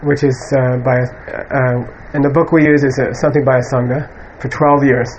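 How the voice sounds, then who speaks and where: A man's voice: mid-range voice, little pitch movement, moderate pace, a little mellow. Man teaching a class, muffled recording. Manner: conversational, many fillers and asides. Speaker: Buddhist teacher. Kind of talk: informal dharma lecture to students. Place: lecture room with an audience. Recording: muffled lo-fi room recording with faint hiss.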